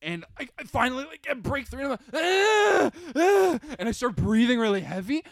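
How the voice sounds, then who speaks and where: A young man co-hosting a podcast, telling a story in animated casual chat and acting out his own shouts. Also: very high voice, fast, creaky, dry recording, clean studio sound. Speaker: podcast co-host.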